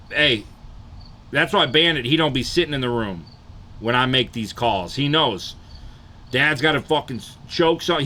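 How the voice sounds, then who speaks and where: Bright-voiced man in casual stream chat. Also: mid-range voice, slight background noise. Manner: profane, rambling storytelling.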